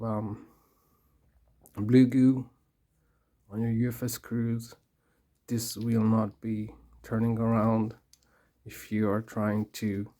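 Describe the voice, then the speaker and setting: Workshop tutorial narrator, unhurried, dark and even, careful step-by-step talker. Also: medium pitch. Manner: slow and careful, talks to self while working. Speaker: craft tutorial maker. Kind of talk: casual hands-on tutorial.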